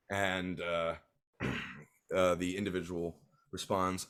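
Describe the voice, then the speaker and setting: A man's voice: sits low, fairly even intonation, a little slow, a bit bright. A man narrating a tabletop game as game master, with a hesitant delivery full of fillers.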